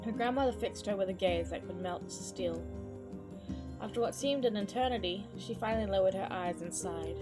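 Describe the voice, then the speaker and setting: At normal speed and medium pitch, a woman streamer reads a game's narrative while loud music from the game plays behind her. She drifts into casual chat and curses at the game along the way.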